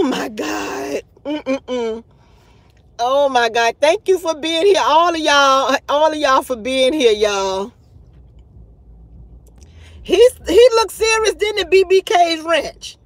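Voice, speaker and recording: A channel host with a high-pitched, fairly bright voice and no room sound livestreams gossip commentary. Dramatic and exasperated, she talks straight to her viewers with sighs, laughs and casual swearing.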